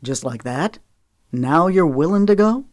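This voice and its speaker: A woman voicing a cocky young man who teases in a low, drawling way in an audiobook. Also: animated, unhurried, a little mellow, no echo. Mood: teasing.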